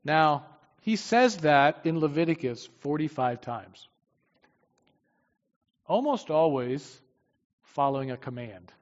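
A man preaching a sermon with emphasis, swinging from loud declarations to quiet asides. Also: on the high side, lively intonation, takes it slowly, long pauses. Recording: dull, long-reverb hall sound.

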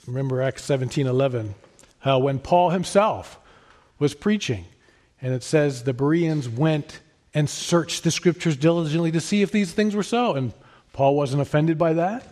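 A man preaching a sermon in an earnest, emphatic way, rising to stress his points and then dropping soft. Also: a little high, moderate pace. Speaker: pastor.

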